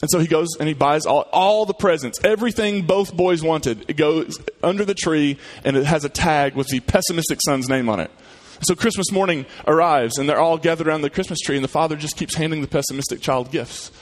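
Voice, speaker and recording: A man's voice: fairly high pitch, brisk, hardly any pauses. A male pastor praying and then preaching, telling a story in a conversational way with frequent restarts. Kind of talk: sermon and prayer.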